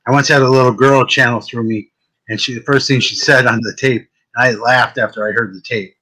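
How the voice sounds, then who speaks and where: A man with a fairly deep voice and a bright, forceful tone, hosting a casual chat. He tells stories in an animated way, restarting and repeating words as he goes. His pitch sits in an ordinary middle range. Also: a little fast, slightly rough, low-quality recording. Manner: animated storytelling, often repeats words at the start of a thought. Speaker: host, psychic medium.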